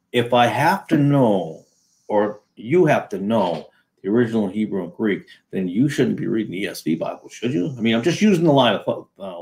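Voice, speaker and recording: A man's voice: fairly low pitch, darkish tone. A man from New England hosting a casual solo video, talking in a sarcastic, rambling way with many fillers and restarts. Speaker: video host.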